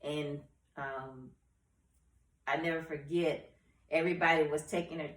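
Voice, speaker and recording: Low-voiced middle-aged woman in an echoey room. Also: measured pace. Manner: relaxed, agrees with short murmurs, recounts calmly. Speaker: mother of the host. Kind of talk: casual family conversation. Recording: echoey room, mic at a distance.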